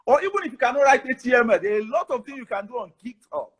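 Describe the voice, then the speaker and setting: A man, a professor giving casual, animated advice with frequent repetition. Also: extremely high pitch, very fast, husky. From Nigeria. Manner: animated, repetitive, laughs often.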